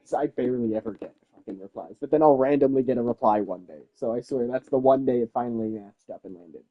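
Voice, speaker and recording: A man's voice: mid-range voice, quick pace, no echo, phone-quality sound. A man chatting casually on a game stream, joking and swearing freely. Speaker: streamer and server owner. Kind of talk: casual chat.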